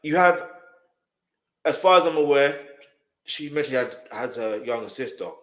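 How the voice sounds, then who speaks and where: Man reacting loudly in an echoey room. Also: mid-range voice, lively intonation, moderate pace. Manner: emphatic, repeats himself, speaks straight to viewers. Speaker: reaction host. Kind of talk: casual reaction commentary. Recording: roomy echo.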